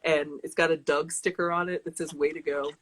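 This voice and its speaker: A woman's voice: low-pitched, level tone, a little fast, rough recording. Casting note: young woman, chatty author guest, loose and laughing, some faint background noise. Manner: chatty, laughing often, rambling restarts. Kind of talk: casual interview chat.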